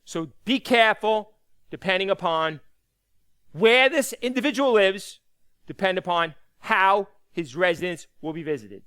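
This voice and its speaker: A man's voice: high voice, expressive, a little slow, a bit bright, clean tone. A man teaching a lecture, talking conversationally, asking the class rhetorical questions and repeating key points for emphasis. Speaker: instructor.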